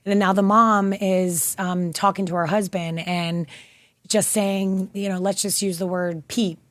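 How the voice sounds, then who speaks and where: A woman's voice: medium pitch, measured pace, dry recording. Upbeat chatty woman, acts out the voices in her stories, dry close sound. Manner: bubbly, animated storyteller acting out quotes. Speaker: guest, therapy dog volunteer. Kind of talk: casual interview storytelling.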